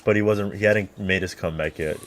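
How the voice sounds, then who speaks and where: A man in a casual podcast chat who calmly fills in facts and details the others miss. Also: low-pitched, fairly quick, slight background noise. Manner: supplies facts and dates calmly.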